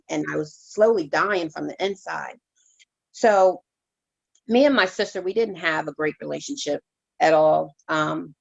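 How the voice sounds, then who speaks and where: A woman reverend shares her testimony as an interview guest, her voice gravelly and a touch low. She speaks in a halting, heartfelt way, often restarting her sentences. The recording is dull and lo-fi. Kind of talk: emotional personal testimony.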